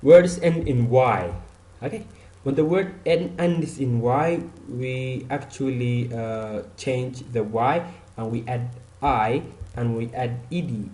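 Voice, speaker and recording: A man's voice: medium pitch, slow pace, darkish tone, roomy sound. A man teaching an online English grammar lesson, repeating example words and saying "okay" often.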